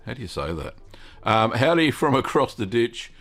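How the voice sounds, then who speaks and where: A man's voice: medium pitch, big pitch swings, moderate pace, fairly bright tone. A middle-aged Australian man hosting a live cheese-making question stream, chatting casually, greeting viewers by name and thinking aloud with lots of ums.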